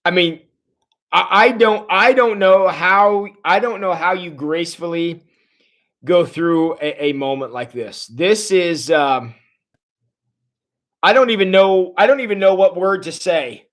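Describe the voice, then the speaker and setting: Chatty high-voiced man leading Bible study. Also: a little slow. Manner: chatty, greets viewers' comments, animated storytelling. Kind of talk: casual livestream Bible study.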